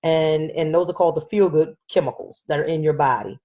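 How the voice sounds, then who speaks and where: Woman doing a live health talk on her phone, lowish voice, chatty and encouraging, reads out comments. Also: brisk, dark tone, lo-fi sound. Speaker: wellness coach hosting a live stream.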